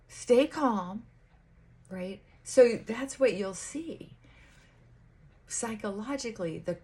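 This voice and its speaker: A woman chatting casually to camera while getting ready, musing aloud with pauses and restarts. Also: medium pitch, darkish tone, slightly rough. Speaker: vlogger. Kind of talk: casual get-ready-with-me chat.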